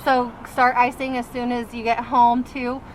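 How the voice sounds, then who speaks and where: A nurse with a high voice walks a patient through aftercare one step at a time, practical and clear. The phone-camera recording carries plenty of background noise. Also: female voice, flat delivery, moderate pace, poor audio. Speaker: nurse giving aftercare instructions.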